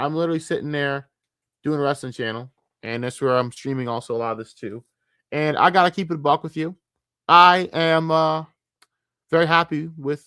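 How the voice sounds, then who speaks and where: A man's voice: medium pitch, a bit bright, no room sound, studio quality. A man from the United States ranting on a casual livestream, frustrated and profane, rambling with many restarts. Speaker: streamer.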